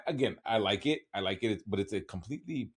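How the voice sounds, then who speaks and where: Low-voiced man rambling through a recap. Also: lively intonation, fast talker, breathy edge. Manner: rambling, wry laughs, frequent yeahs. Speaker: podcast co-host. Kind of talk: casual recap chat.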